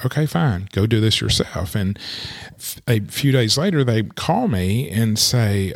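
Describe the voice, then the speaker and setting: A man's voice: medium pitch, lively intonation, unhurried. A middle-aged man, an attorney and coach, talking through cases in a casual podcast monologue and checking in with "okay.". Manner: conversational, repeats "okay" to check in; acts out quoted callers and caseworkers. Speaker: elder law coach and attorney.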